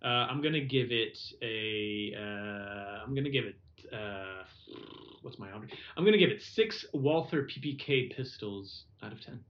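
A man's voice: lowish voice, animated. A man from Singapore co-hosting a podcast in loose casual chat, swearing now and then. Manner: loose, swearing, quick to put on silly voices. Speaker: podcast co-host. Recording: dull lo-fi sound.

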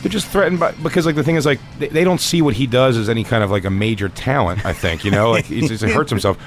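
A man's voice: medium pitch, quick pace, faint music behind. A man talking casually in a podcast interview, rambling with many fillers.

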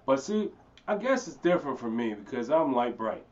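A man's voice: medium pitch, normal speed, a little hiss or hum. Young philly guy chatting, kinda far from the mic, dull sound. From Philadelphia. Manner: storytelling, animated impressions. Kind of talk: casual chat.

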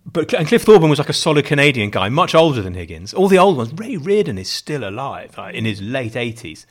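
A man's voice: medium pitch, big pitch swings, a little fast. A man in his forties telling a rambling, self-mocking story in casual chat, full of restarts.

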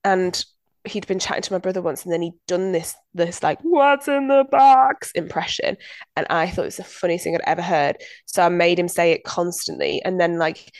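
A woman co-hosting a podcast, telling lively anecdotes in casual chat and laughing often. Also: lowish voice, a little fast, dry recording. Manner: chatty, animated anecdotes with frequent laughter. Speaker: podcast co-host.

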